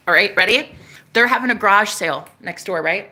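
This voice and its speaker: A woman telling a story casually on a vlog, excitable and profane, talking outdoors on a porch. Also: medium pitch, moderate pace. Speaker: spiritual vlogger.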